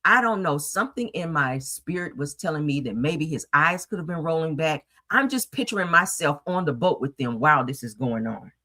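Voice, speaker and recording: A woman hosts a heated commentary show, ranting with emphatic, profane outbursts. Her pitch swings widely and her tone is bright and sharp. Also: expressive, moderate pace, hardly any pauses.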